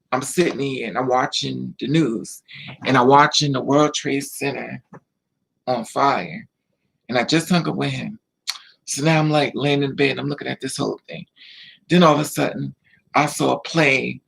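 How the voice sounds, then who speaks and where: A vlogger tells a personal story to the camera, repeating himself and quoting the people involved in an emotional, casual retelling. His medium-pitched voice is gravelly, husky and a bit bright, and he talks a little fast. The recording is rough.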